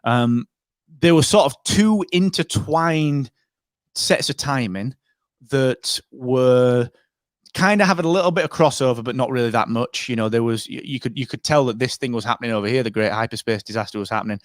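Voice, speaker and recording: This man co-hosts a podcast, talking at normal speed in a medium pitch. His casual chat rambles along with many fillers and false starts, captured in studio quality with no echo.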